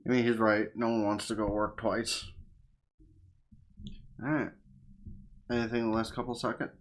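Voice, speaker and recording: A man's voice: on the low side, level tone, normal speed. A tired man giving casual reaction commentary as a gaming YouTuber, rambling and offhand, swearing freely.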